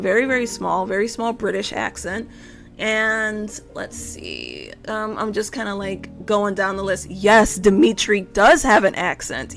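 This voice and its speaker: A woman's voice: medium pitch, fairly bright tone. A young adult woman streaming live, chatting casually and rambling while she draws, with frequent self-interruptions and casual swearing.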